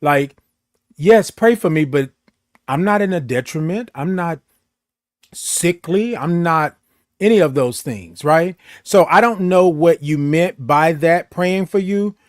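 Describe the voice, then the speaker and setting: On his morning live show, broadcast from a home studio, a man chats loosely and greets viewers by name, drawing out each hello in an exuberant sung style. His voice is on the high side and expressive, recorded on a studio mic with no room sound.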